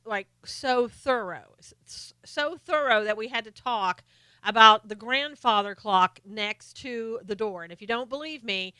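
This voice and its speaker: A woman's voice: on the high side, sharp tone, smooth, dry recording. A middle-aged woman hosting a live stream, chatting casually and sarcastically about politics while greeting viewers by name.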